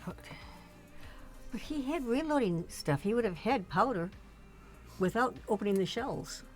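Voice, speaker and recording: A middle-aged woman, a mother chatting casually on a livestream, halting and often restarting her sentences. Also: on the high side, lively intonation, faint music behind. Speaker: streamer's mother, guest. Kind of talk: casual family chat on a livestream.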